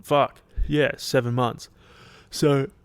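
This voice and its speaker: A man's voice: medium pitch, level tone, slow pace, clear, resonant tone, dry recording. Sweary, rambling Australian man. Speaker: podcast host. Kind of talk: casual solo chat.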